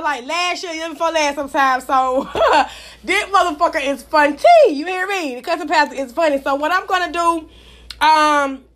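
A woman. Her talk is brash, profane and animated, casual and loose. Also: sits high. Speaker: gossip show host. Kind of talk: casual celebrity gossip talk.

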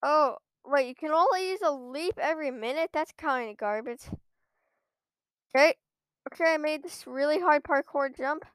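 A woman's voice: sits high, moderate pace, a bit bright, no echo. A woman giving live commentary on her own gameplay at a computer, ranting in frequent exasperated outbursts. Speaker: gamer streaming her own play.

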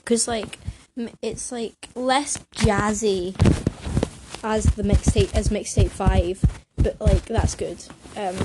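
A young woman rambling in a casual vlog, hyper and scattered, full of fillers and restarts, a little out of breath, sitting on her bed. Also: mid-range voice. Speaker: vlogger. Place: bedroom, sitting on a creaky bed. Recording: noisy home recording.

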